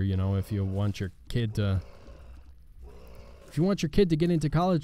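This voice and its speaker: A man hosting a gaming channel, chatting casually and rambling with halting, sarcastic asides over gameplay. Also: mid-range voice, mellow.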